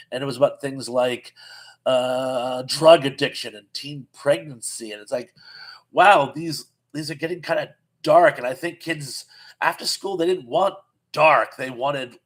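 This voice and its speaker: A man's voice: mid-range voice, rough recording. A man in his fifties hosts a casual live chat, reading out comments and musing on them. His mid-range voice rambles along, tripping over restarts and breaking into chuckles.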